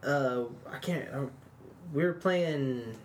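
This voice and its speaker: A man's voice: medium pitch, slow pace, a little hiss or hum. A young man co-hosting a podcast, telling a rambling story in casual chat, swearing often and saying "dude" and "like" a lot. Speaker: podcast co-host.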